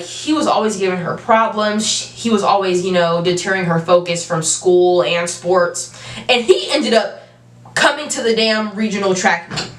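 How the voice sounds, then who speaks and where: A young adult woman telling a storytime vlog, animated and emphatic, with casual slang. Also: medium pitch. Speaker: vlogger. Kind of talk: storytime monologue. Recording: roomy, from a distance.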